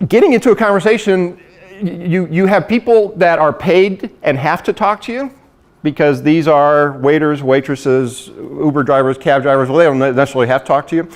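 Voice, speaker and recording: A middle-aged man giving a lively sales training talk, acting out conversations and laughing often. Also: fairly high pitch. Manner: animated storyteller, acts out dialogue, laughs often.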